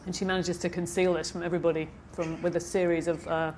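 A woman's voice: fairly low pitch, level tone, fast, darkish tone, a little hiss or hum. A woman novelist reading from her book at a live event, with chatty, hesitant asides between passages and a slight frog in her throat. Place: festival stage.

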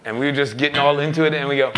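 A musician telling a story in an interview, animated and laughing as he acts out other people's lines. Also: on the high side, very fast, over loud music. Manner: animated storyteller, laughing, acting out quoted voices. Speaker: musician and record producer. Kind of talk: telling an anecdote.

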